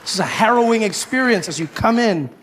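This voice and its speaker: A man performing a stand-up comedy routine, animated, slipping into shouted high voices for the characters he acts out. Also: a little fast, a little hiss or hum.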